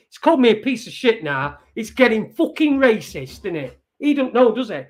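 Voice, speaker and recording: A man's voice: very high voice, sing-song, normal speed, few pauses. A man hosting an online show, swearing and mocking as he reads out messages. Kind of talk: casual live-stream rant.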